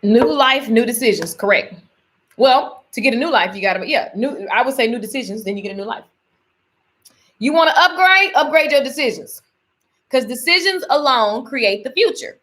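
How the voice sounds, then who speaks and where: Bright-voiced woman chatting live to viewers. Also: a little high. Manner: lively, talks straight to viewers, laughs often; folksy Southern-style phrasing, y'all and honey. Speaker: host of a live faith and business talk. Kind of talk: casual live-stream chat.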